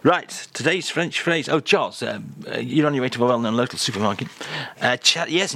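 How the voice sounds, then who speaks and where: A man's voice: mid-range voice, lively intonation, a little fast, gravelly, a bit bright, no room sound. A man presenting a comic radio show in a jokey, teasing, mock-exasperated way at a close studio microphone.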